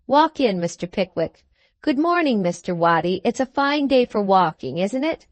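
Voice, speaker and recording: A woman's voice: mid-range voice, sing-song, normal speed, no room sound, lightly acted. A woman voicing a petulant male law clerk who speaks in a sly, impatient way.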